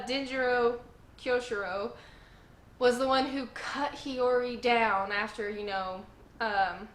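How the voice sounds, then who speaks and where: A woman hosting her own channel, recapping a story with gushing, emphatic enthusiasm and repeated exclamations. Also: a little high. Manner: gushing, animated, emphatic repetition. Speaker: host. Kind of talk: excited casual recap. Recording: echoey room with faint noise.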